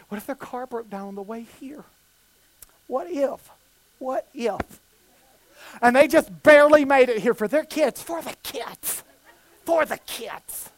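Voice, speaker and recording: A man quoting his wife, gently pleading on behalf of strangers in soft, repeated questions. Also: fairly high pitch, no room sound, poor audio.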